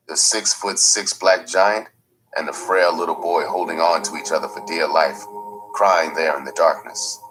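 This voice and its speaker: A man reading a first-person memoir aloud in a slow, measured, gritty storytelling manner. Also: low voice, a bit bright, low-quality recording. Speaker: audiobook narrator. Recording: faint music underneath.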